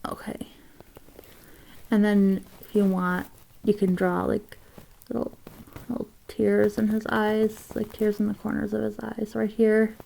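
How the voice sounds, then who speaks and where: A woman giving a casual drawing tutorial, rambling with fillers and soft asides. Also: mid-range voice, flat delivery, measured pace, vocal fry.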